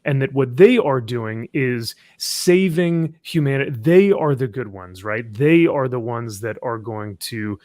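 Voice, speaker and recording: A man's voice: mid-range voice, lively intonation, a little slow, hardly any pauses, a little mellow, no room sound. A man hosting an online panel chat, joking around and reading out viewer messages. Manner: jokey, reads out viewer messages. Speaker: host.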